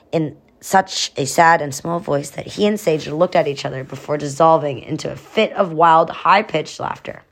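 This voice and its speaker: A woman narrating a children's adventure story, adding chatty explanatory asides. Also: sits low.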